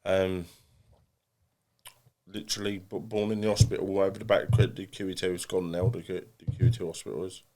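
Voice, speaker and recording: A man's voice: low-pitched, flat delivery, fairly quick, dark tone, a little hiss or hum. An English man, a boxer and podcast guest, talking bluntly and self-deprecatingly with many restarts. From England. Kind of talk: casual podcast interview.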